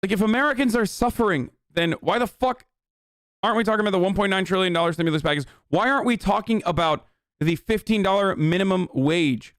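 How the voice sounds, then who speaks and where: Heated, foul-mouthed male streamer in his thirties, a bit high-pitched, dry close mic. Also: fast, a bit bright, no room sound. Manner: heated, sarcastic, swears often. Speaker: streamer reacting to a news clip. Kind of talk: profane political commentary.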